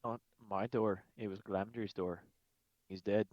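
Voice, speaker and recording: A man doing a gruff Irish vigilante. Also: fairly low pitch, steady tone, a little slow, no echo, highs cut off, close to an everyday voice. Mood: bitter. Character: brooding cloaked vigilante man, bitter.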